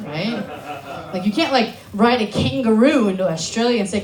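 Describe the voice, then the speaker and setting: A young American woman from Alaska doing a stand-up comedy set on a club stage, brash, sarcastic and full of swearing, with quick asides to the crowd. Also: fairly high pitch, echoey room. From Alaska, USA.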